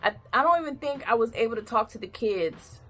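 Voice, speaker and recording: A woman's voice: a little high, lively intonation, brisk, bright, forceful tone. A woman vlogger in her thirties telling a candid, heartfelt personal story, tearful at times. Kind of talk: emotional personal story time.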